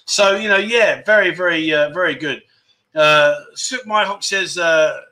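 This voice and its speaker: A middle-aged man, talking on a relaxed livestream. His voice is bright and a little high, and his chat is upbeat and rambling. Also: measured pace. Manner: chatty, enthusiastic, repeats words for emphasis. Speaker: livestream host. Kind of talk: casual livestream chat reading viewer comments.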